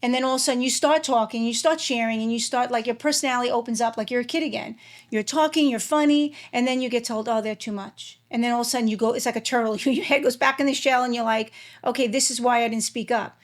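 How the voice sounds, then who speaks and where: A woman hosting an interview podcast in a loose, conversational way. She sits a little high in pitch, and her sentences wander with "like" and "right" as fillers. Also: steady tone, fast talker. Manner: chatty, many fillers like "right" and "like". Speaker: podcast host. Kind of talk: casual interview chat.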